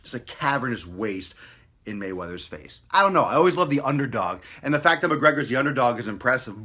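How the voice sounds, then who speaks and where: A man's voice: medium pitch, animated, brisk, bright, forceful tone, slightly rough. Brash, hyped-up male fitness host. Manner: profane, mocking, hyped-up. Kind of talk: brash motivational rant.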